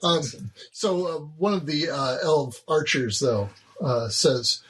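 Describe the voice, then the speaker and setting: GM narrator, man, slightly high and animated, stop-start delivery; noisy capture. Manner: halting, many fillers and restarts while narrating. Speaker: game master. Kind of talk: narrating a tabletop game. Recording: noisy binaural tabletop recording.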